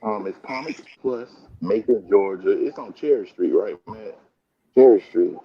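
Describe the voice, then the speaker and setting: A man with a very low voice chats in a relaxed, meandering way, dropping "man" into nearly every sentence. He is hosting a live stream from a comic book store. His phone picks him up with a dull, lo-fi sound. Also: moderate pace, slightly rough. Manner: laid-back, rambling, says "man" often. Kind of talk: casual chat.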